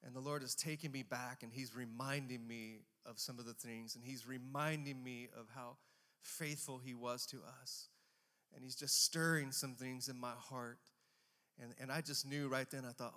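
A man's voice: mid-range voice, steady tone, bright, forceful tone, long reverb tail. A man pastor speaking earnestly to his congregation, introducing a testimony with heartfelt restarts. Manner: earnest, fervent, halting restarts. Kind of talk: sermon introduction. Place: church sanctuary.

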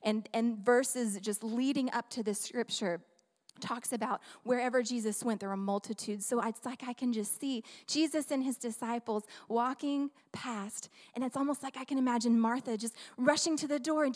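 A high-voiced woman preaches with animated, playful humor, tossing questions to her listeners. She speaks into a handheld mic. Her words trail in the long reverb of a large church hall. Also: normal speed, hardly any pauses. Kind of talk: sermon. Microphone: handheld microphone.

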